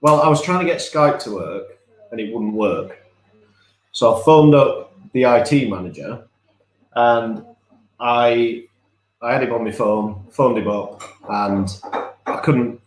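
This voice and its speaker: A man's voice: medium pitch, lively intonation, slow, pauses often. Rambling, chatty man in an echoey room. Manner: chatty, rambling, laughs at himself. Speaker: podcast co-host. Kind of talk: casual live-stream chat.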